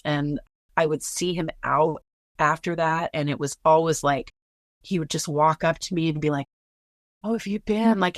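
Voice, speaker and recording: Woman w a low voice, earnest and blunt, telling her own story, dry sound. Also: dry recording. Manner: candid, earnest, swears freely. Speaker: guest. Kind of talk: personal storytelling.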